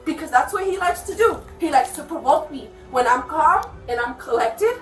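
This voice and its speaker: A woman with a high voice pours out a heated, profane account to an officer. She sounds far off, picked up by a bodycam in an echoey house. Faint music plays beneath her. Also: lively intonation. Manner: heated, fast, swearing, venting. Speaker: resident speaking to police. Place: inside a house, indoors. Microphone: police bodycam from a distance.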